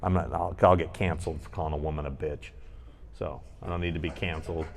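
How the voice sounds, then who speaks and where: With a rumbling low, creaky voice and fairly even intonation, this man talks fast while co-hosting a podcast taped live at a convention panel. He spins a meandering, foul-mouthed anecdote, voicing the people in it.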